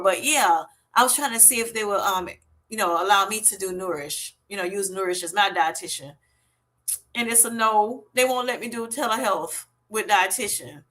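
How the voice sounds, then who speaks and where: A woman's voice: medium pitch, bright, forceful tone. A woman hosting a casual live-stream health chat, retelling her doctor visits and greeting viewers as they join.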